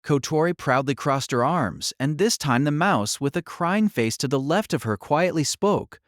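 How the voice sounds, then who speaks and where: Expressive male audiobook narrator. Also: on the high side, moderate pace, dry recording, studio quality.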